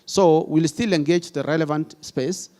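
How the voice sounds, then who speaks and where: Man from Kenya on a panel, somewhat high voice, pressing his points earnestly. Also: steady tone, normal speed, mellow. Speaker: panelist, pastoralist advocate. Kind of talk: panel discussion.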